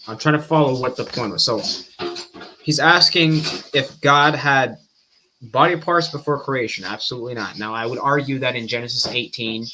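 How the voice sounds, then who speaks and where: A man hosting a stream, giving fast, animated reaction commentary and often breaking off mid-sentence. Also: mid-range voice, noisy background. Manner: fast-talking, animated, self-interrupting. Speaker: stream host.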